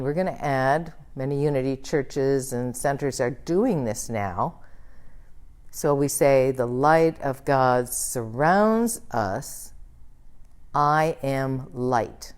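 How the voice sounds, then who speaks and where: A woman minister leading a church service, guiding prayer and affirmations in a slow, soothing way. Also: a bass voice, mellow. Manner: slow, soothing, leads the congregation in call-and-response. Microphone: livestreamed church service.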